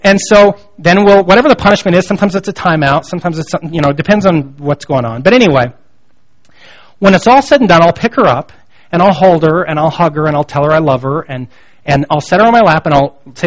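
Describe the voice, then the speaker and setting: A man's voice: fairly high pitch, lively intonation, fairly quick. A man in his thirties preaching a sermon, telling stories from his family life in a conversational, self-deprecating way. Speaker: pastor. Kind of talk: sermon with personal storytelling.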